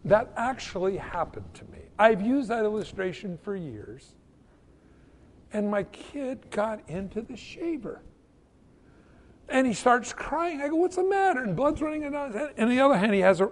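Man, middle-aged pastor, high lively voice, preaching in a church hall with long echo. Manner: animated storytelling with repeated restarts. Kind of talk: sermon.

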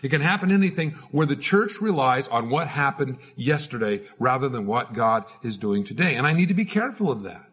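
Husky-voiced man preaching casually. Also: mid-range voice, very animated, fairly quick, hardly any pauses, a bit bright. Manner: informal, repeats words while preaching. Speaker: pastor. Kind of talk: conversational sermon.

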